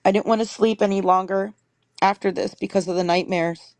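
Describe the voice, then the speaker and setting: A woman's voice: medium pitch, steady tone, brisk, darkish tone, dry recording. Woman reading viewer stories aloud. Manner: reads steadily, stops to correct herself. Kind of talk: reading messages aloud on a livestream.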